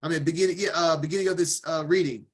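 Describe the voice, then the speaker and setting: A man's voice: on the high side, steady tone, fast, slightly rough. A man teaching scripture, reading a passage line by line and stopping to add his own informal comments. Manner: reads aloud, then breaks off to comment casually.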